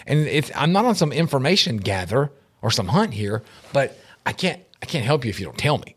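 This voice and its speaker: Animated man with a higher voice. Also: quick pace, hardly any pauses, husky. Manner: animated, laughs often, acts out quotes in shifting voices. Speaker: podcast co-host. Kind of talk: casual chat.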